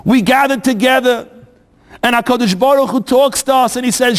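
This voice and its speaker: A male rabbi gives a dramatic sermon, telling a story and asking rhetorical questions. His voice is very high. A long reverb trails behind each phrase. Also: normal speed, faint music behind.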